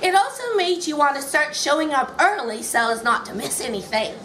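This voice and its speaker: A woman reads her memoir aloud at a bookshop event, telling it in a wry, amused way. Her voice sits high. The room around her is echoey, with faint background noise. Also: lively intonation, brisk. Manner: wry, amused, often laughing between lines. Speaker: author reading her book. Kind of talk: memoir reading at a live event.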